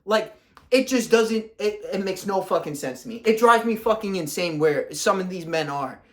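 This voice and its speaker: A man's voice: high voice, lively intonation, normal speed. A young man, a fitness coach, ranting to camera in a blunt, profane, confrontational way.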